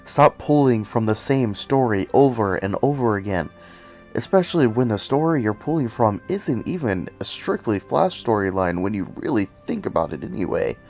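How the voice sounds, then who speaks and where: Low-voiced man pitching superhero ideas. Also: expressive, moderate pace, a little mellow, faint music behind. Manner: rambling and self-deprecating, with cursing rants. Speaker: video essay host. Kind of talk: casual commentary.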